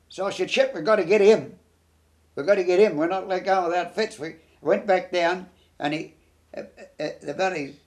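Older New Zealand man, raised-pitch voice, blunt rambling recollection for an oral history. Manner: blunt, rambling, peppered with "bloody". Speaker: war veteran.

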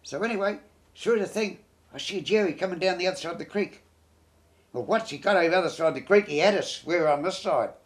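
A man's voice: high-pitched, quick pace. An older man with a New Zealand accent tells a blunt, rambling war recollection, swearing freely as he goes. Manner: blunt, rambling, peppered with "bloody". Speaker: war veteran. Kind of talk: oral history recollection.

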